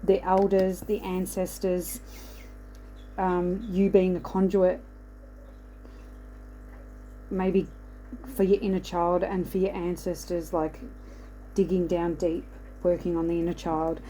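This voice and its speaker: A woman's voice: lowish voice, level tone, unhurried, warm tone, a little hiss or hum, rough recording. A woman giving a casual spiritual card reading, rambling and reassuring, often checking in with "okay". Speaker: oracle card reader.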